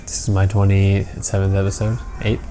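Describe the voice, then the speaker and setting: A man's voice: sits low, completely flat delivery, music in the background. A man hosting his own podcast, trading sarcastic quips in casual banter with friends. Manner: quick-witted, sarcastic banter. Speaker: podcast host. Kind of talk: casual chat.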